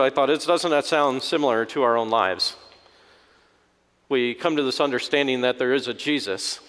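A man's voice: medium pitch, fairly bright tone. A man preaching a conversational sermon as a pastor, folksy and humorous, acting out voices in his story. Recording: long hall reverb.

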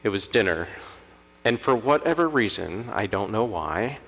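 A man's voice: on the low side, animated, normal speed, fairly bright tone. An older man preaching a sermon as pastor, telling a family story and rising to impassioned emphasis. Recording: echoey hall with mains hum.

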